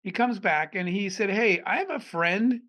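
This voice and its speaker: High-voiced man telling lively stories. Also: normal speed. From Arizona. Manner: animated anecdotes, acting out quoted dialogue. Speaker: entrepreneur guest. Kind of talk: storytelling in a podcast interview.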